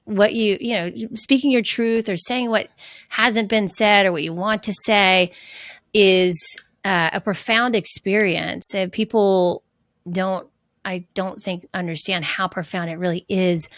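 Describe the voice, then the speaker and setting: A woman's voice: mid-range voice, fairly even intonation, unhurried, fairly bright tone, dry recording. Middle-aged woman, fitness coach guest, earnest and reflective, restarts a lot, dry close sound. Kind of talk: casual interview conversation.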